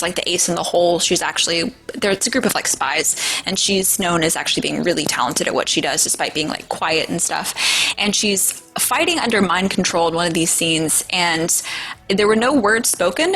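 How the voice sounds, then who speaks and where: A woman voice actor in a relaxed interview, telling playful, self-mocking stories about her recording sessions. Her voice sits in an everyday middle pitch. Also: low-quality recording. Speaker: voice actor, guest. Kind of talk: casual interview.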